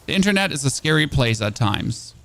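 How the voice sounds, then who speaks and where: A man's voice: medium pitch, big pitch swings, a little fast, creaky, a bit bright. Chatty German man streaming a game. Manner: chatty, self-mocking, frequent fillers and restarts. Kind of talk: casual gameplay commentary with chat.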